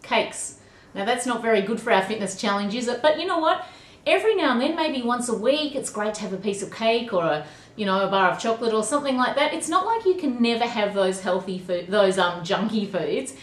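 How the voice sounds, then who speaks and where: A woman's voice: a little high, expressive, fairly quick, echoey room. An Australian woman talking chattily to a class of kids, upbeat and teacherly. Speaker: vlogger answering kids' questions. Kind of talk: casual video message to a class.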